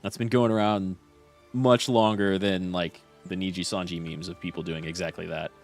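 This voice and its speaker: A man's voice: deep voice, fairly even intonation, normal speed, soft background music. A young man streaming a game and chatting casually, rambling with lots of fillers and restarts.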